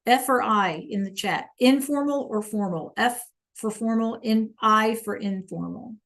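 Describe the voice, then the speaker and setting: A woman's voice: a little high, a little slow, gravelly, a bit bright. A woman teaching an online Spanish class over a video call, encouraging students to answer in the chat.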